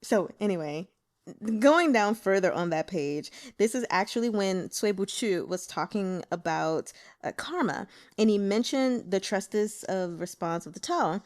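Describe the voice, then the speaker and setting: An excitable woman hosts a casual book chat and talks about a novel she loves. She stops to coach listeners on how to pronounce names, tone by tone, in a chatty and enthusiastic way. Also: medium pitch, unhurried. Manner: excitable, teaches Mandarin name pronunciation. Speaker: book club host.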